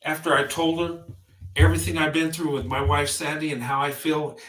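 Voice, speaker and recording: A man in his fifties speaks straight to his viewers in a heartfelt vlog monologue. His voice sits a little high, and he speaks with emphatic conviction, stacking up repeated phrases to drive each point home. The sound is roomy, with a noticeable echo around him. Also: flat delivery, a little fast, fairly bright tone. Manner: earnest and emphatic, building with repetition. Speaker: vlogger.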